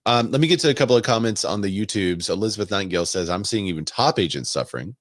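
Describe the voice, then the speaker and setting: A man with a very low, deep voice hosts a relaxed talk show. He reads comments and articles aloud and breaks off into chatty asides. The sound is dry and close. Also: racing, no echo. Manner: conversational, laughs and asides while reading aloud. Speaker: podcast host. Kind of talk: casual chat reading comments and articles.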